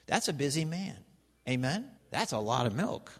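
A male pastor preaching a sermon in a church, animated and constantly prompting the congregation with questions and "okay?". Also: on the high side, moderate pace. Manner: animated, calls for congregation response, repeats "okay?". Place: church sanctuary. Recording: reverberant church hall.

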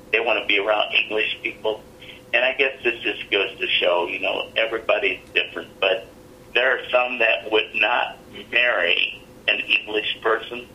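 A man's voice: on the low side, pushed and bright, dull audio. A middle-aged man, an interview guest, telling a personal story in an earnest, plainspoken way.

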